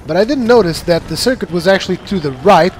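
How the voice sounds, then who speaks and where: A man with a somewhat high voice narrates his own gameplay in a relaxed, chatty way. He laughs easily and acts out his own in-game reactions as he goes. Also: fast, a little hiss or hum. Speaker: gameplay commentator. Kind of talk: casual gameplay commentary.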